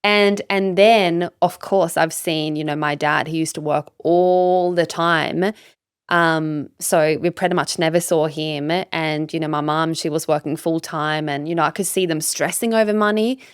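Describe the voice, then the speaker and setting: A woman's voice: low voice, steady tone, unhurried, clean tone, dry recording, studio quality. A woman from Sweden, a business coach talking as a guest on a podcast, candid and emphatic, swearing freely and leaning on "like" and "you know". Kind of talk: casual podcast interview.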